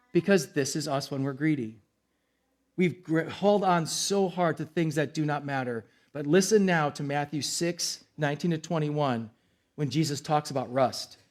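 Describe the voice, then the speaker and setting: Casual preaching man, slightly high voice. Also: a little mellow. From United States. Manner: casual, conversational preaching with acted-out quotes. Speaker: pastor. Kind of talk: sermon.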